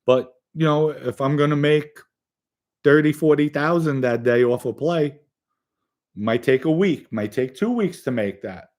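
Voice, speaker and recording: A man's voice: on the high side, measured pace, a little mellow. A man on a podcast telling casual, blunt stories full of profanity, emphatic and speaking straight to young listeners. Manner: direct address to young listeners. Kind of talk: casual storytelling.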